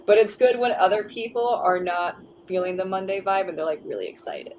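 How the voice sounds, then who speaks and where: A woman's voice: medium pitch, fairly quick, hardly any pauses, background noise. A tired woman on a video call, introducing herself and laughing often. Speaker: panel guest.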